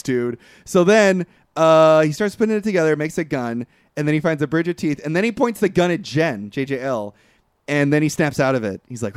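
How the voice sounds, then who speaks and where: A man's voice: fairly high pitch, brisk, smooth, no room sound, studio quality. Profane man recapping a movie. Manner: rambling, profane, animated retelling. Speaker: podcast co-host. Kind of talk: casual movie recap chat.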